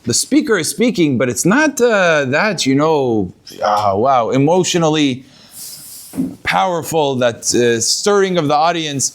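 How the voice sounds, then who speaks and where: High-voiced man giving a Torah talk. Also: big pitch swings, a little slow. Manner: storytelling, acts out quoted voices, mixes in Hebrew words. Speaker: rabbi.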